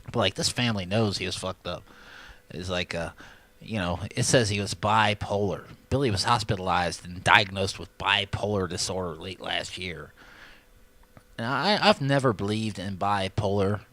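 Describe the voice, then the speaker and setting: A young man from casually reading and mocking local news stories, swearing a lot and acting out loud voices. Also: low voice, normal speed, no room sound. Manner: profane, joking, acts out voices loudly.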